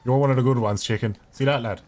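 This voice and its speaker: A man's voice: medium pitch, fairly even intonation, fast talker, a little mellow. A man in his thirties with an Irish accent, chatting casually and swearing freely while streaming a video game. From Ireland. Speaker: gaming streamer. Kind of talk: casual live gameplay commentary.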